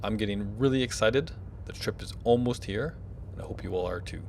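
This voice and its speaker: A man with a fairly low voice talks through his gameplay in a loose, chatty way. He thinks aloud, pausing on fillers as he weighs his next move, then wraps up like a channel host addressing his viewers. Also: a little hiss or hum. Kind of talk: casual gameplay commentary.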